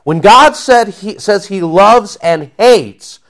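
A man's voice: sits high, lively intonation, slow, fairly bright tone. A man preaching a sermon in an emphatic, conversational way, often checking in with his listeners with "okay?" and "see?".

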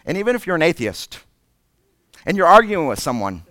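A man's voice: fairly high pitch, big pitch swings, a little fast, no echo. Male preacher, dramatic sermon delivery, resonant tone, dry close mic. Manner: dramatic, swings from loud emphasis to breathy whispers.

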